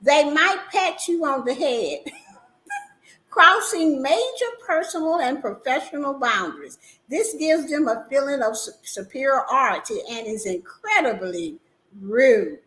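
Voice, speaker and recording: High bright animated woman host. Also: unhurried, poor audio. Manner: animated, emphatic, laughs often. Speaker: livestream host. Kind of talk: casual livestream talk show.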